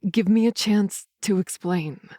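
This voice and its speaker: A woman voicing a protective, blunt young male werewolf in an audiobook, speaking a little lower and in an earnest, steady way. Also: a little slow, no room sound, clean studio sound, natural voice. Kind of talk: audiobook character reading.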